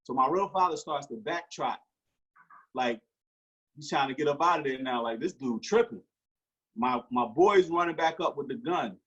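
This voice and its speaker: Husky-voiced man telling a story. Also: a little high, moderate pace, highs cut off. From Newark, New Jersey. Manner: animated storyteller acting out quoted dialogue. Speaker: guest. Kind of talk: storytelling in an interview.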